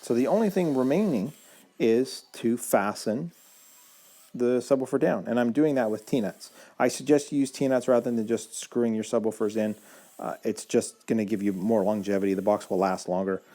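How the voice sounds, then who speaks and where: A man casually narrating his own build video as a voice-over, explaining each step in a relaxed way, with fillers and self-corrections. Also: medium pitch, normal speed. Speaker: woodworking video maker.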